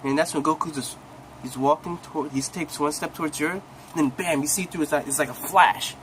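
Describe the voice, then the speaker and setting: A young man recaps a cartoon fight scene by scene with loose, slangy excitement, his voice sitting a bit high. He keeps restarting sentences, coughs every so often, and a faint hiss of noise hangs behind him. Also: brisk, poor audio. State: coughing now and then. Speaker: recap host. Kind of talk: casual anime episode recap.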